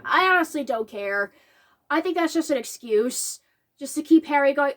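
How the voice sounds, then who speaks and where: A woman giving a casual, emotional reflection on a film. She talks animatedly and gets choked up. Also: moderate pace. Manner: animated, acts out quotes in a higher voice. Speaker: video essayist.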